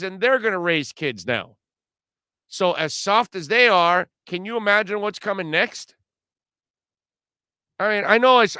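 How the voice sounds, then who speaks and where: A middle-aged man rants through a talk radio monologue in a blunt, slangy way. His voice sits high and sounds bright and clean. The sound is dry and close, as from a studio microphone. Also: clean tone, no echo. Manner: blunt, ranting, casual slang. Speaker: radio show host.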